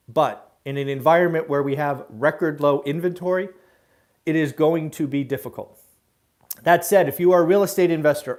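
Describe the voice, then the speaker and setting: A middle-aged man talks solo to the camera on his daily live real estate show, broadcast from his home. His fairly high, slightly mellow voice delivers blunt, forceful advice sprinkled with frequent "uh"s.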